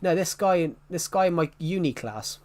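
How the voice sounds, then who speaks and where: A young man with a working-class English accent from old mining country, talking on a gaming livestream. His voice sits a little high for a man. He rambles, loops back over the same point and stops to answer his chat. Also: expressive, normal speed. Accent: English working-class, former mining area. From England. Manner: rambling, repeats and restarts sentences, answers chat.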